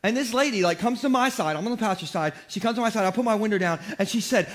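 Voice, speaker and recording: A man preaching a sermon as pastor, telling comic, self-deprecating stories in an animated way. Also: high-pitched, very fast. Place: church.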